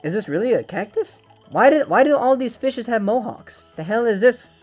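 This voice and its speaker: A man hosting a VR fishing game video, excitable and joking, swearing often as he plays. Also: very high-pitched, normal speed, faint music behind. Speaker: gaming channel host. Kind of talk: VR game commentary. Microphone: VR headset gameplay capture.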